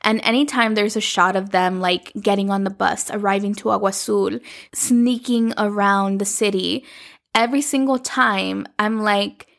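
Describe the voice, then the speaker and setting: A woman hosting a podcast, casually recapping a telenovela in a chatty, animated way, acting out lines as she goes. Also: mid-range voice, normal speed, gravelly. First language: Spanish. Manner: chatty, animated, acts out characters' lines in quotes.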